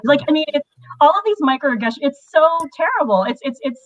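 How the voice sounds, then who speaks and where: A woman's voice: on the high side, fairly quick, a bit bright, highs cut off. A Filipino American woman in a casual livestream discussion, speaking earnestly and with emphasis. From United States. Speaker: panelist.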